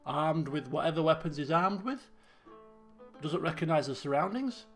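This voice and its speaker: A man streams a video game and offers live commentary in a casual, self-mocking way, with a fairly high, gravelly, slightly bright voice at normal speed. He's chatty, often restarts sentences and laughs, and faint guitar music plays behind him.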